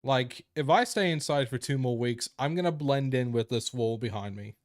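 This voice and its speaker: Joking streamer, close and dry. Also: male voice, medium pitch, moderate pace, no room sound. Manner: joking, crude, chatty with viewers. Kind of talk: casual live-stream chat. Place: indoor room.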